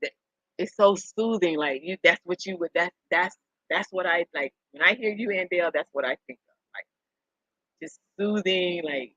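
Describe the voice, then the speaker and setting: Talking loosely with the people watching her live stream, a middle-aged woman drifts from story to story, laughing softly and circling back on what she said. She has a lowish, bright, forceful voice at normal speed. The recording is dull, a little lo-fi, and dry, with no room sound.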